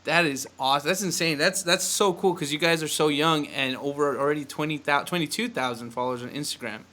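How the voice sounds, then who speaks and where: A man hosting a podcast in an energetic, fast-talking way, laughing often. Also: fairly high pitch. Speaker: podcast host. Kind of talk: casual upbeat podcast chat.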